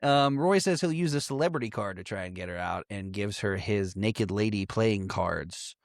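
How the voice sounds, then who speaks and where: A man's voice: on the low side, normal speed, vocal fry, no echo, clean studio sound. A man co-hosting a podcast, casually recapping a movie, swearing freely and laughing often. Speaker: podcast co-host.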